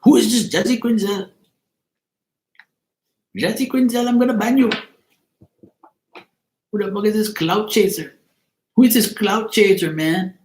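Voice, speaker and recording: A man's voice: sits high, unhurried, long pauses, a little mellow, pitched above the performer's own voice. A man putting on the voice of an indignant, cursing, streetwise young male streamer. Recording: roomy echo.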